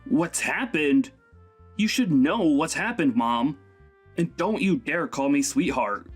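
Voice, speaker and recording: A man's voice: fairly high pitch, expressive, takes it slowly, husky, faint music behind, exaggerated voice. A man voicing a young husband who angrily scolds his own mother in a dramatized text-message story. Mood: outraged. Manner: scolding, exasperated.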